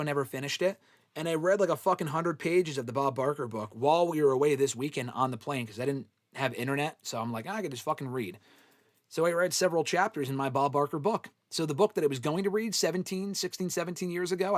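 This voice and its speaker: A man's voice: fairly high pitch, fairly bright tone, no room sound, clean studio sound. A young man hosting a live fan Q&A, chatting casually in a blunt, profane, offhand way. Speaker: host answering fan questions.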